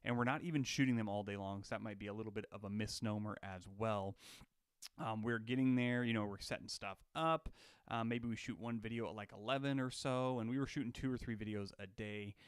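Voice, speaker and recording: A man's voice: lowish voice, fairly even intonation, brisk, clear, resonant tone, dry recording, clean studio sound. A young man from Alaska hosting a casual livestream, chatty and jokey, greeting viewers by name. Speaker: livestream host. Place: on his home deck.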